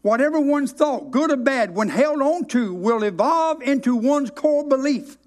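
A man preaching a sermon, telling a story with emphatic, drawn-out stresses. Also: very high-pitched, lively intonation, darkish tone.

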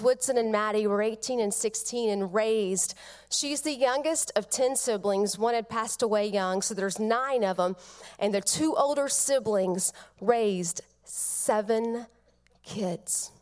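A middle-aged woman giving a funeral eulogy, telling family stories tenderly with soft pauses. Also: on the high side. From Georgia, United States.

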